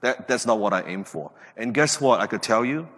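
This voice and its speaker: A man in his late thirties hosts a podcast, delivering an emphatic motivational talk full of rhetorical questions. His voice is bright and forward. It rings out in a long, reverberant room. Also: lowish voice, expressive, a little fast. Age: late 30s. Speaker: podcast host.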